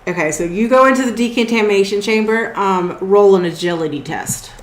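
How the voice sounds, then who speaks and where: A woman running a tabletop game as game master, describing scenes in a relaxed way with some fillers. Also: mid-range voice, brisk, reverberant.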